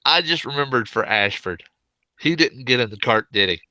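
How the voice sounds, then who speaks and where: A man narrating a tabletop game as game master, in a relaxed, meandering descriptive way. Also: mid-range voice, normal speed, no echo.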